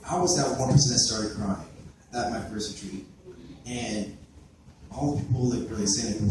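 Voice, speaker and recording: A teenage boy gives a personal church testimony in a fairly low voice, stopping and restarting with plenty of fillers. He sounds distant from the camera, and his words ring around a very echoey hall. A faint room hum sits under him. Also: moderate pace, pauses often. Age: late teens. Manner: hesitant, many fillers and restarts. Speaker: youth giving a church testimony. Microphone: far camera recorded by his father.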